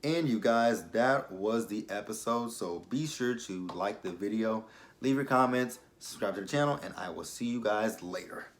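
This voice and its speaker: A man's voice: on the low side, lively intonation, normal speed. A young adult man casually recapping a TV episode for his vlog, chatty and full of fillers, breaking into exaggerated reactions. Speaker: TV episode reviewer.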